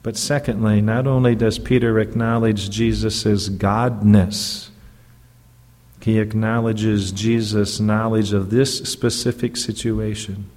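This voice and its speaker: A man's voice: fairly low pitch, little pitch movement, slow pace, darkish tone, in a large hall. A man who is a pastor preaching a sermon in an earnest, emphatic way, often stopping to check in with the congregation through rhetorical questions.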